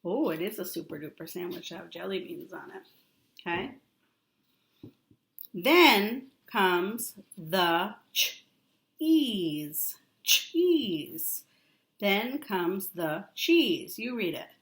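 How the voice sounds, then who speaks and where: A woman teaching a young child a remote lesson, drawing out words and repeating them with steady encouragement. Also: fairly low pitch, vocal fry, echoey room. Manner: slow, drawn-out, encouraging teacher talk with repetition.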